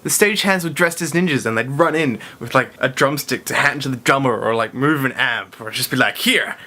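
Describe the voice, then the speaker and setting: A man's voice: medium pitch, fairly quick, pushed and bright. A young man talking alone in his bedroom in a playful, exclamatory vlog monologue. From Perth, Australia. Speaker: vlogger.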